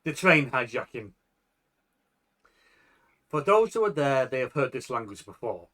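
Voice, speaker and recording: A man narrating a tabletop horror game as game master, describing scenes with a lively, measured delivery. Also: mid-range voice. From Yorkshire.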